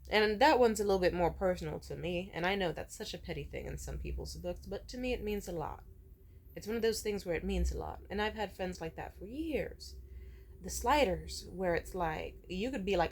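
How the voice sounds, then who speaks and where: A woman's voice: medium pitch, a little fast. Profane young woman ranting. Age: 20s. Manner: emotional, profane, ranting storyteller. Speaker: vlogger. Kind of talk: casual vlog rant.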